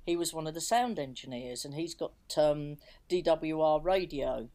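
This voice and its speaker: Middle-aged English woman, label owner, animated storyteller with a lowish voice, casual chat. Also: moderate pace. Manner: lively storyteller, acts out voices in quotes. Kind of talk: casual anecdote telling.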